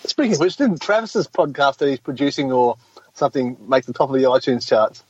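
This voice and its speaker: A man chiming in on a podcast with quick, offhand remarks. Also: medium pitch, husky. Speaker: podcast co-host. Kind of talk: casual chat. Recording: dull lo-fi podcast audio.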